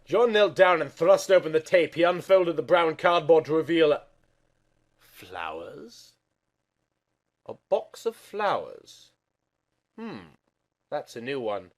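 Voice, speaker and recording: A man's voice: on the high side, very animated, takes it slowly, long pauses. Over-the-top melodramatic male reader. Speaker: channel host reading aloud. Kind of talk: comic dramatic reading.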